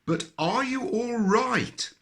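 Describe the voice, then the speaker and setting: A man's voice: very high voice, lively intonation, slow pace, fairly bright tone, pitched above the performer's own voice, exaggerated voice. A man voicing a kindly, hardworking countryman in a storybook, calling out in a hearty, lifted voice.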